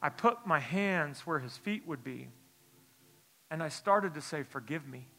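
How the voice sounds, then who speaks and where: A man preaching a sermon in church, telling a personal story in a hushed, halting voice, then building into a forceful exhortation. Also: a little high, expressive. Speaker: pastor. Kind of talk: sermon testimony.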